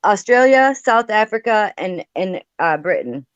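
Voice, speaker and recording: A woman's voice: medium pitch, expressive, unhurried, smooth, no echo, lo-fi sound. A woman from Minnesota with a Minnesota accent hosting a casual livestream chat, stammering and restarting as she talks. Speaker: livestream host.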